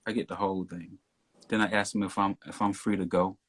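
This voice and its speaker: A man telling a story as a podcast guest in casual talk, getting loud and worked up as he retells it. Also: low-pitched, a little fast, breathy edge. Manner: animated, rising to near shouting when retelling the stop.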